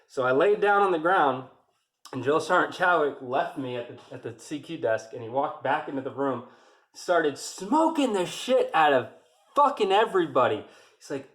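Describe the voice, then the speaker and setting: A man's voice: fairly high pitch, lively intonation, moderate pace. Rambling, profane male storyteller. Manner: rambling and profane, with many restarts. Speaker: army veteran telling his story. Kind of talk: casual storytelling.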